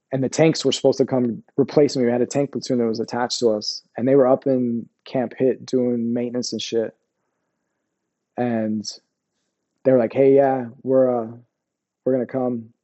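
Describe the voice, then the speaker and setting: A male army veteran recounting war memories in an interview. His voice is mellow and warm at a middle pitch, and his telling is raw and profane, with many restarts and sudden quiet drops. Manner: profane, halting, restarts often, lowers voice on painful memories. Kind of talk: candid interview storytelling.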